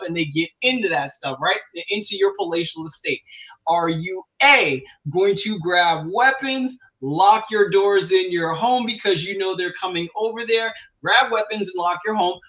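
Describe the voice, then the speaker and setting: A man's voice: high voice, sharp tone. A man arguing on a talk radio show, pushing his point with a string of rhetorical questions. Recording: dull lo-fi sound.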